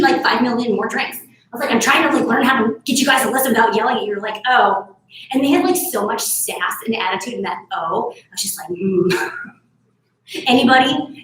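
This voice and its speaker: A woman's voice: on the high side, a bit bright. A woman in her thirties leading a live barre workout class, chatty and encouraging, laughing often. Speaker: fitness instructor. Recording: echoey room, far from mic.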